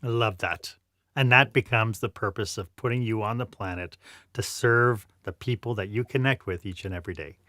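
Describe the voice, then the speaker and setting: A man's voice: fairly low pitch, moderate pace, bright, forceful tone, dry recording, clean studio sound. A man hosting a podcast interview, praising his guest effusively and giving an upbeat outro. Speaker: podcast host.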